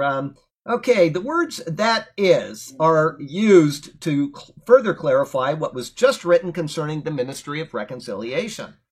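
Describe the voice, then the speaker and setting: Husky, earnest Bible teacher man. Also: a little high. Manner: earnest and emphatic, reading a commentary aloud with plain asides. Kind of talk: verse-by-verse Bible commentary.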